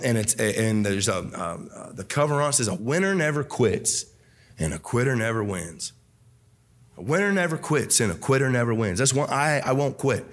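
A young man preaching a sermon as pastor, fervent and repetitive, swinging between shouts and quiet drops. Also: mid-range voice. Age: young adult.

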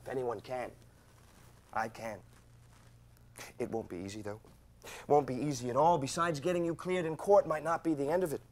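A man's voice: mid-range voice, a little mellow, natural voice. An actor playing a slick, smarmy male lawyer who talks glibly and condescendingly. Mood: grave. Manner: glib, condescending, fast-talking. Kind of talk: stage drama acting.

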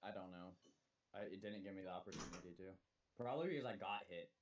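Male gamer, lower voice, dry matter-of-fact delivery. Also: fast talker, a little hiss or hum. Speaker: player in a group game. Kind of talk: casual gaming chat.

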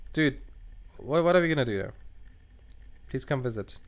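In relaxed let's play commentary, a young man hosting a gaming channel reacts to his game with lively swearing and thinks out loud while reading choices. English isn't his first language, and his voice is mid-range with a moderate pace.

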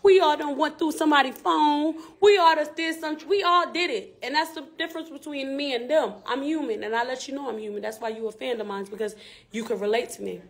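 A woman's voice: high voice, a little fast. A woman rapper, talking candidly and emphatically on a live stream in repetitive street slang.

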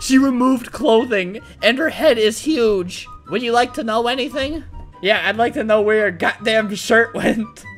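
A young man giving excitable, foul-mouthed comedic commentary while playing a game, often bursting into laughter. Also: extremely high pitch. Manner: excitable, swears a lot, frequent laughing outbursts. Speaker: gaming YouTuber. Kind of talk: comedic let's-play commentary.

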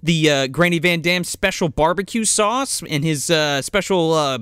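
A man's voice: fairly high pitch, moderate pace, fairly bright tone, clear, resonant tone, dry recording, clean studio sound. A man hosting a casual movie podcast, bantering with laughter and swearing. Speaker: podcast host.

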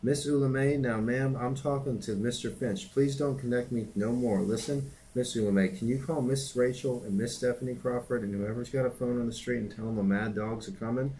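A man reading a novel aloud, voicing an anxious, forceful older woman housekeeper in urgent, emphatic bursts. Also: medium pitch, steady tone, a little fast, hardly any pauses, natural voice, low-quality recording.

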